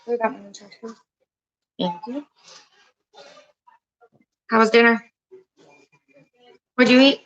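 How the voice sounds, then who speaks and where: A woman's voice: a little high, takes it slowly, long pauses, fairly bright tone, lo-fi sound. A woman hosting a casual live cooking stream from her home kitchen, chatting in a rambling way and breaking off to talk to her pets and family.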